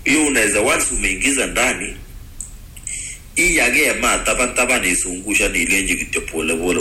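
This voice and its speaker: A man's voice: lowish voice, brisk, pushed and bright, soft background music, low-quality recording. A man talking casually, explaining things step by step and switching between languages mid-sentence. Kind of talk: casual advice talk.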